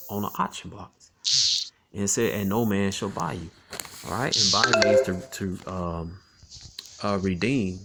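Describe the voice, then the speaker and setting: A man teaching scripture in a relaxed, conversational way. He often ends phrases with "man" and "all right" and reads verses slowly, with frequent chuckles between lines. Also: sits low, vocal fry. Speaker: Bible teacher.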